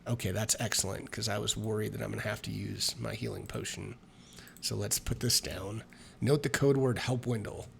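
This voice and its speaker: A man's voice: lowish voice, steady tone, moderate pace, creaky, fairly bright tone, a little hiss or hum. A man reading a solo tabletop adventure aloud, with chatty, self-mocking asides between passages. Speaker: solo tabletop game player and narrator.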